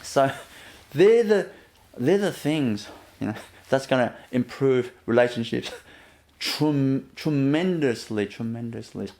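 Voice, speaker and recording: A man giving a gentle inspirational talk as a spiritual teacher, often laughing softly and leaning on "you know" as he repeats himself. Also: mid-range voice, lively intonation, takes it slowly. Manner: repetitive, fills with "you know".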